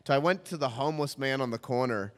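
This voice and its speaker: A young man telling a comic story on stage, rambling and self-mocking with halting restarts. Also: medium pitch, in a large hall.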